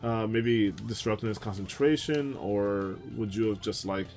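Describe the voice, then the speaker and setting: A man's voice: on the low side, normal speed, a little mellow, soft background music. A young man streaming a video game, telling a rambling story with lots of fillers and asides. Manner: rambling, chatty anecdotes with frequent laughs and fillers. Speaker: gaming streamer. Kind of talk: casual let's-play storytelling.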